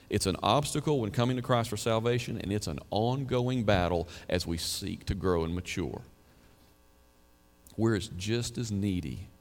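A man delivering a conversational sermon full of rhetorical questions, recorded in a reverberant hall. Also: low voice. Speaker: pastor.

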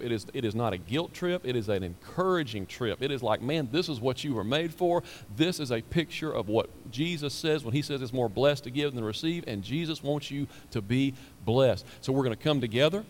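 A man's voice: medium pitch, animated, fairly quick, few pauses, a little hiss or hum. A man preaching as a pastor, casual and emphatic, often repeating his words. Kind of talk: sermon. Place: church sanctuary. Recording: hall reverb.

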